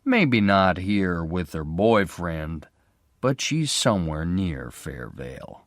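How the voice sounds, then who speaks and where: A man reading a story, voicing a flat, unfriendly middle-aged private detective who speaks slowly and deliberately. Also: deep voice, no echo, studio quality, exaggerated voice. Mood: calm reassuring.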